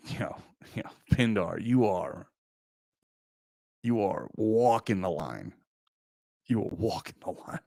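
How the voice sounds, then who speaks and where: A man's voice: medium pitch, a bit bright, clean tone, no echo. A man streaming live, chatting casually with his viewers in a rambling, profane, joking way.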